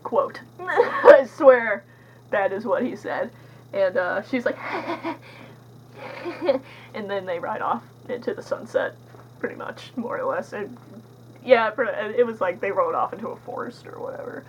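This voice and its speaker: A woman's voice: mid-range voice, expressive, measured pace, slight background noise. A young woman talks through a movie review in a loose, rambling way. She leans on filler words and adds sarcastic asides. The audio is slightly dull and lo-fi.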